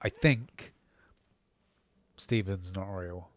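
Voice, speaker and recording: A man co-hosting a podcast, relaxed and joking as he floats theories. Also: deep voice, very slow, no room sound. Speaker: podcast co-host. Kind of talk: casual chat.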